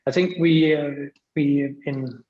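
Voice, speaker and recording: A man's voice: a little high, fairly even intonation, slow pace, reverberant, dull audio. A man from Denmark giving a long, rambling panel answer with frequent restarts. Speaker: panel speaker.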